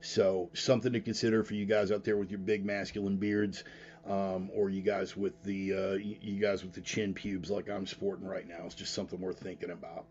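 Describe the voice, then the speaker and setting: A man's voice: sits low, flat delivery, a little fast, darkish tone, muffled recording, slight background noise. A man hosting a casual live show, talking bluntly and rambling, with frequent profanity. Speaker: podcast host. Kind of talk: casual livestream talk.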